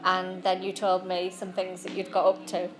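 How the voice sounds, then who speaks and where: A woman's voice: lowish voice, monotone, soft background music. A woman giving a heartfelt, casual spoken tribute, prompting others to share memories. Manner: slow, warm-hearted, laughing.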